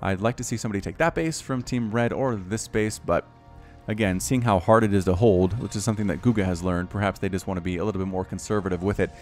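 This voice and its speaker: A man in his thirties commentating a strategy video game match, casual and chatty, getting louder and higher at big plays. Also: fast. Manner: excitable, rises sharply in pitch and volume at big plays. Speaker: game caster. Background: faint background music.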